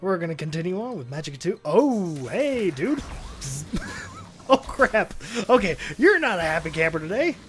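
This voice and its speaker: A man recording let's play commentary as a gaming video host, excitable and exclaiming and laughing often. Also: high voice, moderate pace, faint music behind.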